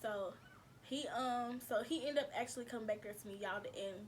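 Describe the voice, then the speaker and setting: A woman's voice: fairly high pitch, brisk, a little hiss or hum. Chatty woman vlogger telling a story. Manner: chatty, addresses viewers as y'all, slangy and laughing. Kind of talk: casual storytelling to viewers.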